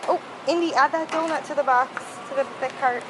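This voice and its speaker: A woman's voice: high-pitched, fairly even intonation, fairly quick. A woman filming a casual vlog while shopping with her puppy and young daughter, playful and teasing as she talks to the dog. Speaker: vlogger, mother. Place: busy pet store. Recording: loud store background noise.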